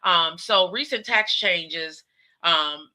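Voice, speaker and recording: A woman's voice: on the low side, takes it slowly, sharp tone. A woman in her fifties from the United States, hosting her own show as a casual livestream and chatting directly to viewers, often calling them "y'all". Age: 50s. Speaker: show host.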